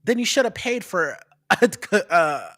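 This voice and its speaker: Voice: medium pitch, sing-song, a bit bright, no room sound. Talk show host, casual chat, laughing, ranting lightly, dry mic. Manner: laughing, quick questions, musing rants.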